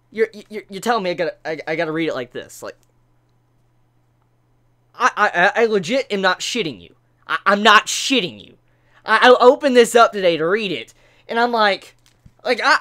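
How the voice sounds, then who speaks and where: Animated woman, stammering and swearing. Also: mid-range voice. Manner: stammering repeats, frequent swearing; exasperated, animated storytelling. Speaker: manga reviewer. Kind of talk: casual to-camera vlog.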